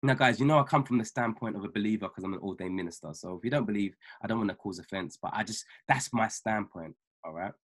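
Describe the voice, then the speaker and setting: A man with a husky, slightly breathy voice preaches over a video call. He speaks emphatically as a minister and mentor, repeating key lines slowly so listeners can take notes. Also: lowish voice. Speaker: ordained minister and trading mentor. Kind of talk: motivational talk on a weekly call.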